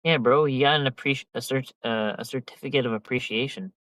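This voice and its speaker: A man's voice: mid-range voice, quick pace, fairly bright tone, dry recording, rough recording. A young man chatting casually as a podcast host, rambling and slangy with heavy filler and swearing. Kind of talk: casual chat.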